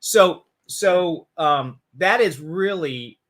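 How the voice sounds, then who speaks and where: A man hosting a casual film review chat, joking and animated, often restarting his sentences. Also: on the high side, very slow. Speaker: podcast host reviewing a film.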